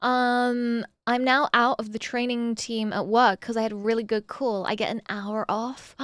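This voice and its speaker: A woman streaming casually, reading viewer messages aloud and answering them with bursts of excitement. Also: a little high, brisk, dry recording.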